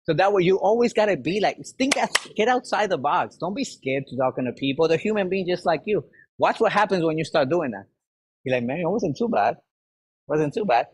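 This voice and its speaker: A man leading a sales workshop, giving an energetic motivational talk and firing rhetorical questions at the audience. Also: high-pitched, fairly quick, a little hiss or hum, low-quality recording. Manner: acts out quoted people in lively voices.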